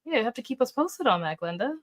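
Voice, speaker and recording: A woman with a slightly higher voice hosts a relaxed live chat about books. She sounds upbeat and chatty, reacting to her viewers with quick oohs and okays. She thinks aloud freely, dropping in ums and uhs as she goes. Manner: chatty, upbeat, reacts to comments with ooh and okay. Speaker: booktube livestream host.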